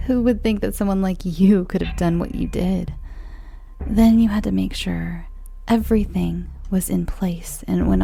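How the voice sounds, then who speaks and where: A woman reading as a vengeful ghost taunting their killer, in a hushed, mocking, slow and deliberate way. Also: medium pitch, vocal fry. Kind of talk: horror story reading.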